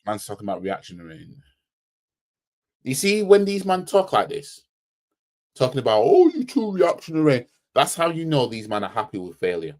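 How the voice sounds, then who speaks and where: A man's voice: on the low side, very animated, moderate pace, long pauses. A man hosting a football fan channel, giving a heated, blunt match reaction full of slang and repeating himself for emphasis.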